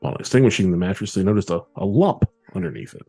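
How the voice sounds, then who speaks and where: A man co-hosting a podcast, telling a true-crime case in a relaxed, casual way with frequent fillers. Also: lowish voice, quick pace, gravelly, breathy edge, faint music behind. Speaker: podcast co-host.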